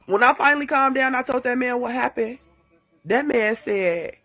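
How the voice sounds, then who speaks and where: A woman telling a dramatic story to her phone in a casual, profane and animated way. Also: high-pitched, normal speed. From Chicago. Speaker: TikTok storyteller. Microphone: phone mic.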